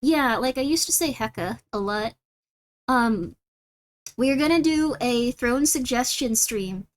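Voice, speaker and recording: A livestream host with a Californian Valley Girl accent talks casually to her viewers in a fairly high voice. She rambles and drops "like" into nearly every sentence. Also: expressive, measured pace, a little hiss or hum. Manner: says "like" constantly, chatty and rambling. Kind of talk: casual stream chat, reacting to viewers.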